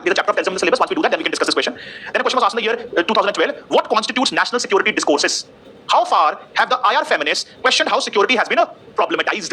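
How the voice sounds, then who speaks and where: A man's voice: sits high, pushed and bright, a little hiss or hum. A man lecturing a class, quizzing the students with rhetorical questions.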